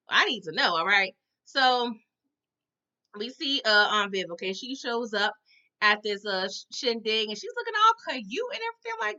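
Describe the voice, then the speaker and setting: A woman's voice: a little high, sing-song, moderate pace, sharp tone, muffled recording. A woman giving a casual, dramatic recap of a TV episode, often tagging her lines with "okay?" and "all right?".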